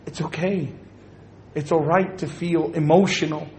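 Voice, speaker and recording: A man doing a gently coaxing wife. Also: fairly high pitch, fairly even intonation, measured pace, slight background noise. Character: caring wife coaxing her husband to open up.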